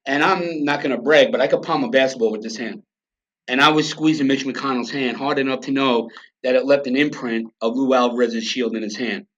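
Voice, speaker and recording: A man's voice: medium pitch, brisk, a bit bright. A man, a podcast guest telling his story in a blunt, profane, emphatic way. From New York. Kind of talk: storytelling in a conversational interview. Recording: slightly dull lo-fi sound.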